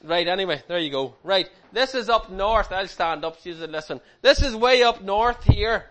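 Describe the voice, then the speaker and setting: Middle-aged man, higher-pitched voice, relaxed chatty slideshow presenter who teases the kids. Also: moderate pace. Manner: chatty, teasing, animated with the audience. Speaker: speaker presenting slides to a group. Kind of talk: informal slideshow talk to a young audience.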